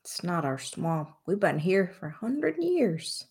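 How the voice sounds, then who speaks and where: A woman voicing an old male frog-folk elder who speaks slowly and gravely, calling others "son". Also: fairly low pitch, big pitch swings, darkish tone, heavily acted. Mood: wry.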